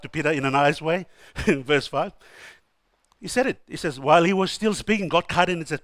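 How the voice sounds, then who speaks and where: A man preaching a sermon, emphatic and exhorting, who often calls out hallelujah and swings between soft asides and loud declarations. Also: sits high, lively intonation, a little fast, dry recording.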